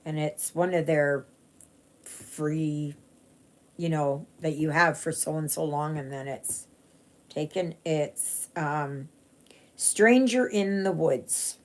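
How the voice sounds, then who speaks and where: With a deep voice, little pitch movement, and a slow pace, a woman from Canada chats casually while stitching on a live stream, rambling with plenty of fillers and restarts.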